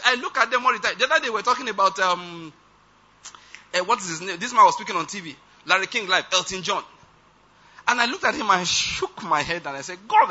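A man's voice: high-pitched, pushed and bright. A man preaching a conversational sermon, often checking whether listeners follow his point. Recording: dull lo-fi sound.

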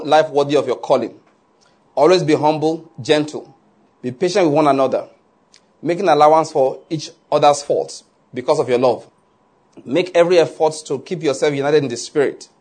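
Male preacher, husky voice on the high side, animated sermon delivery, keeps asking the crowd if they get it. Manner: animated, asks "are you getting my point?" often, laughs along. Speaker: pastor.

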